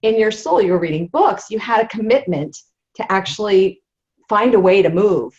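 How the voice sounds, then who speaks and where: A woman's voice: medium pitch, expressive, normal speed, darkish tone. A woman hosting an interview, speaking in an emotional, effusive way and often searching for her words. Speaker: host, interviewer. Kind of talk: casual interview. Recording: dull lo-fi sound.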